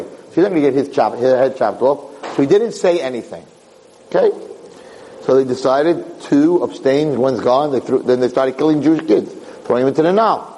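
A man's voice: medium pitch, slight background noise, rough recording. An older man giving an informal Torah class, telling stories and asking rhetorical questions. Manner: animated storytelling with rhetorical questions. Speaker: Torah teacher.

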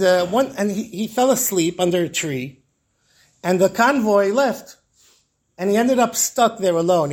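Rabbi, male, high voice, animated storyteller who acts out the dialogue. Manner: lively storyteller acting out dialogue with Hebrew terms. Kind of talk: storytelling Torah class.

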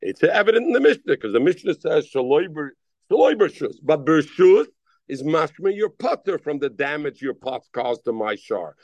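A man's voice: on the high side, big pitch swings, normal speed, no echo. A man teaching a Daf Yomi Talmud class, calling on students by name and mixing in Hebrew and Aramaic terms.

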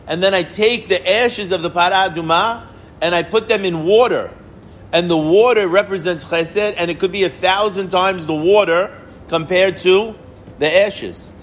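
A middle-aged man giving an informal Torah lesson, animated, repeating words for emphasis and answering his own questions. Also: sits high, normal speed, a little hiss or hum. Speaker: rabbi teaching the weekly Torah portion.

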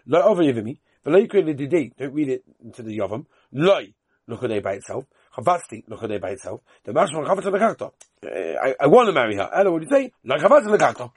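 Yeshivish guy with a yiddish lilt teaching talmud, sing-song chant then quick explaining, bit husky, dry close sound. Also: on the high side, a little mellow, no room sound. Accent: Yiddish-inflected Yeshivish English. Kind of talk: chanting and translating a Talmud lesson.

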